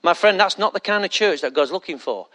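A man's voice: high-pitched, lively intonation, brisk, sharp tone. A male pastor preaching a conversational sermon full of rhetorical questions and mocking asides.

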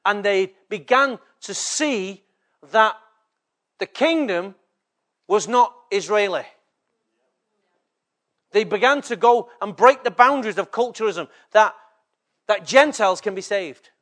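High-pitched preaching man. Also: lively intonation, measured pace, long pauses, fairly bright tone. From England. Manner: preaches with frequent rhetorical check-ins to the congregation. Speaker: pastor. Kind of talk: sermon.

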